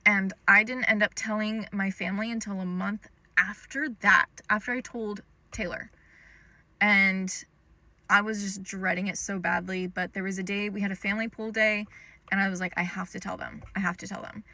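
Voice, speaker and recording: A young woman with a bright, clear voice tells a personal story straight to the camera. She talks in a loose, chatty way, with lots of "um" and "like" as she goes. The sound is close and dry, with no room echo. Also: mid-range voice, fairly even intonation, moderate pace. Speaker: storytime creator. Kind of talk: casual storytime monologue.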